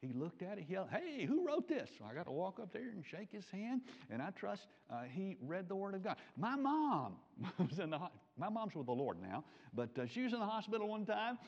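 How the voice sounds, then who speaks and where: A man preaching a sermon, animated, swinging from loud emphatic peaks to quiet low asides. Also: a little fast, vocal fry. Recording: dull lo-fi recording.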